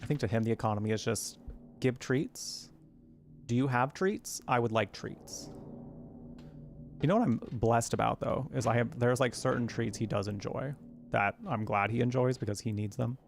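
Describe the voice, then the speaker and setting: A man's voice: medium pitch, fairly even intonation, fairly quick, gravelly, faint music behind. A man from Arizona chatting casually while he plays a game, rambling and cooing at his cat now and then. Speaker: gaming streamer.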